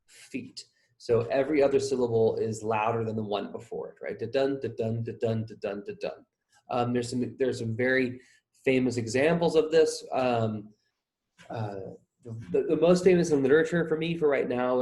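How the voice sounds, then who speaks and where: A man's voice: medium pitch, a little mellow. A man, possibly a young adult, gives a recorded lecture on poetry, thinking aloud in a loose way with many fillers and restarts. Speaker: teacher.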